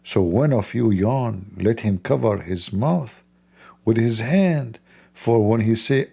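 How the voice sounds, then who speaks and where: A man's voice: lowish voice, animated, slow, vocal fry, warm tone, slightly rough. A man hosting a livestream, talking in a mocking, sarcastic way. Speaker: host. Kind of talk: livestream commentary.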